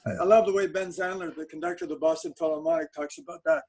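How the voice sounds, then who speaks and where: A man telling animated anecdotes on a webinar chat, with frequent restarts and laughs. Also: high-pitched, quick pace, vocal fry, slightly rough, low-quality recording. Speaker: sport psychologist guest.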